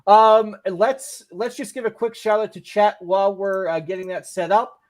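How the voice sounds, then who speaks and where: Man, high voice, podcast host, casual live-stream chat, reads chat messages, joking. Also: fairly even intonation, normal speed.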